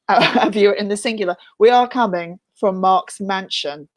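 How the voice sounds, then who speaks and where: A woman's voice: mid-range voice, moderate pace. A woman co-hosting a casual video podcast from a room in a mountain house, playful and teasing. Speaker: podcast co-host.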